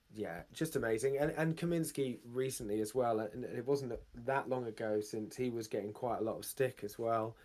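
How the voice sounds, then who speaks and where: A man's voice: on the low side, darkish tone. A man co-hosting a football fan phone-in, chatting casually and reflectively, with plenty of fillers. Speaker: podcast co-host.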